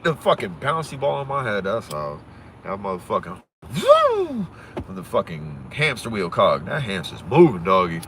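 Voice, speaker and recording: A man from Pennsylvania talking fast and profanely on a casual livestream, swaggering and rambling, recorded on a phone outdoors. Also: on the low side, wildly swooping pitch, very noisy.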